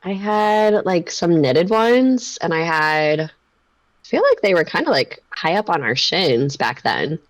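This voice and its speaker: A woman in her thirties with a very low voice and a dry, close sound. She co-hosts a casual stream, chatty and giggly, with quick asides. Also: sing-song, no echo, poor audio. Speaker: streamer co-host. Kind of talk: casual chat.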